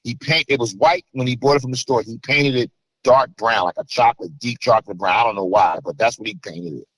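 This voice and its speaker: A middle-aged man from New Jersey, a guest in an interview, telling a story with animated bursts as he acts out voices. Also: mid-range voice, a little fast, no room sound, poor audio.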